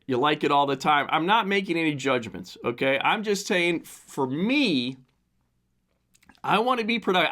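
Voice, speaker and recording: A man of fifty, hoarse from the flu, hosting a casual solo podcast monologue into a desk mic and rambling with many restarts. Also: medium pitch, pushed and bright. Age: 50s. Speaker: podcast host.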